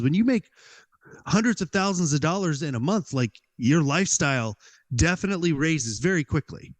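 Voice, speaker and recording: A man as a podcast guest, telling a personal story in an animated way and acting out his own inner dialogue, with many "like"s. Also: fairly high pitch, normal speed.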